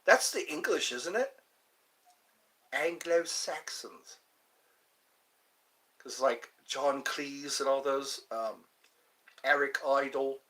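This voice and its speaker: Medium-pitched, bright, and forceful, this man speaks slowly and pauses often. He's a livestream host on a computer mic, chatting casually to viewers in a meandering, amused way that drifts into asides.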